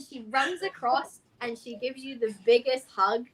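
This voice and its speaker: A woman game master narrating a tabletop one-shot. Her voice sits fairly high, and she tells the story with lots of ums and easy laughter. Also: a little slow, few pauses. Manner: lively, full of fillers and laughter.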